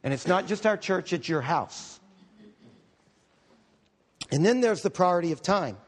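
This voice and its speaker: High-voiced man preaching a lively sermon. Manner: conversational and humorous, with quick asides. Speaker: pastor.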